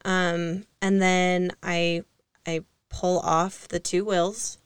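A young woman talks in a relaxed, chatty way, rambling through a story with fillers and small laughs. Her voice sits a little low and sounds smooth and clear. The room is dry, with no echo. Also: extremely slow. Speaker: co-host. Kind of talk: casual podcast conversation.

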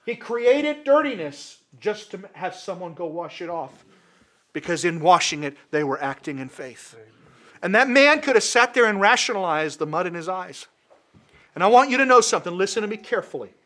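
Very animated and impassioned the whole way through, a male preacher delivers his sermon in a sharp, high, ringing voice at normal speed. He presses each point with emphatic repetition.

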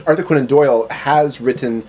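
Rambling, mid-pitched man in casual chat. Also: brisk, a little mellow, slight background noise, rough recording. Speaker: podcast co-host.

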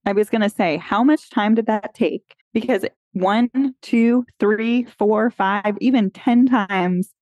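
A woman, a podcast host who used to teach, agreeing warmly and adding her own points in a conversational interview. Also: medium pitch, no room sound, muffled recording. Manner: affirming, quick to agree and build on points.

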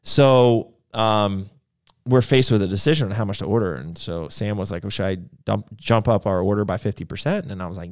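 A man's voice: lowish voice, brisk, a little mellow. A man co-hosting a casual live show, telling long stories with lots of fillers. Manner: rambling storyteller with many fillers. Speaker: podcast co-host. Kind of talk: casual chat.

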